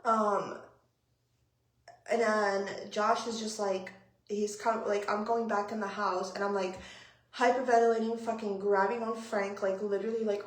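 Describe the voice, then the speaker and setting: A young woman tells a storytime vlog in a fairly high voice, animated and full of swearing. She acts out both sides of the exchange. Her voice rings in an echoey room. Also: normal speed. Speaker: vlogger.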